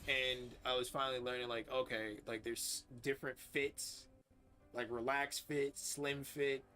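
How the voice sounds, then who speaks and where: A young man rambles through a frank, profanity-laced story while streaming a game. His voice sits at an ordinary pitch but comes across bright and forceful, full of fillers and restarts. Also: little pitch movement, unhurried, soft background music. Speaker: gaming streamer. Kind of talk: casual chat while livestreaming.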